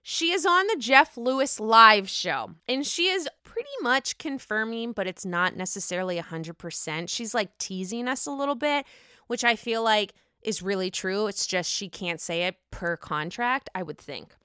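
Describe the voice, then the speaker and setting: A woman's voice: medium pitch, animated, normal speed, pushed and bright, clear, resonant tone, no echo, studio quality. A young woman hosting casual reality TV gossip commentary, sassy and profane.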